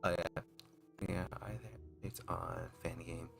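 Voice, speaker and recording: With music playing in the background, a young male VTuber talks casually as he draws. His voice is deep and flat and his pace unhurried, with vocal fry and a rambling, hesitant flow full of fillers and restarts.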